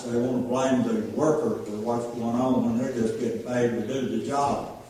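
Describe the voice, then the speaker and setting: A man's voice: mid-range voice, dark tone. An older man gives an informal, folksy sermon full of plainspoken stories, as a lay preacher in a church. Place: church sanctuary. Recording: echoey church from far off.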